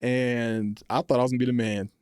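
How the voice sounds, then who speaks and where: A young man in his twenties, a college football player, telling his faith story earnestly on a podcast, animated when he retells moments. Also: mid-range voice, fairly quick, clean tone, dry recording. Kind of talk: casual faith testimony. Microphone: podcast microphone.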